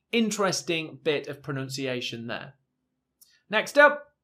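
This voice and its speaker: A man with a somewhat high voice teaches pronunciation at an unhurried pace. He repeats each sound plainly for learners to copy, with the odd filler along the way. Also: animated, fairly bright tone. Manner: slow and patient, modelling sounds, many fillers. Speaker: English teacher. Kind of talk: recorded language lesson.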